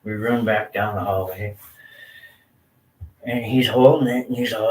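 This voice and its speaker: A man's voice: fairly low pitch, fairly even intonation, a little slow, long pauses, a little mellow, recorded from a distance. A man from Southern California casually telling stories about his life in a laid-back, slangy, rambling way. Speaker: storyteller sharing his life. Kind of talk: casual personal storytelling. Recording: roomy off-mic sound with faint ambience.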